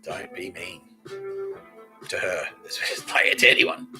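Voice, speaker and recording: A man's voice: low-pitched, flat delivery, unhurried, loud music behind the voice, poor audio. A man hosting a comedy podcast livestream, rambling, swearing freely and often breaking into laughter. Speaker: podcast host.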